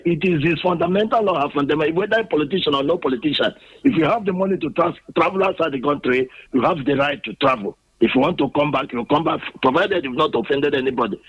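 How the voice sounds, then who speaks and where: A Nigerian man speaks earnestly over a dull phone line to a radio show, his voice high-pitched. He lectures with conviction but trips over words along the way. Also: breathy edge. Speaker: radio caller. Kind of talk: phone-in call. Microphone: telephone.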